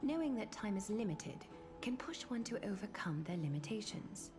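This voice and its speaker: An actress voicing a composed, formal young woman scholar in a game, speaking with measured precision. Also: mid-range voice, big pitch swings, music in the background, natural voice. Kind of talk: game voice acting.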